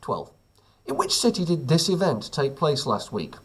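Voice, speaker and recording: A male teacher reads out a current-events quiz from home, tossing in wry, offhand jokes. His voice is slightly husky and swings up and down a lot as he talks. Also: a little high, wildly swooping pitch, moderate pace. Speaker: teacher running a weekly quiz. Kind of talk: casual quiz reading with asides.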